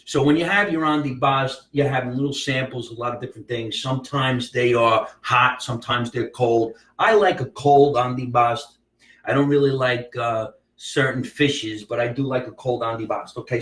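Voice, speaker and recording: A brash male comedian talks in a profane, drawn-out, emphatic way. His voice sits at an ordinary pitch. The room sounds hollow and echoey, and he is some distance from the mic. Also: fairly bright tone. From US East Coast. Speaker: comedian host of a live show. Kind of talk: casual live-stream chat. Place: room at home. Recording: roomy, from off the mic.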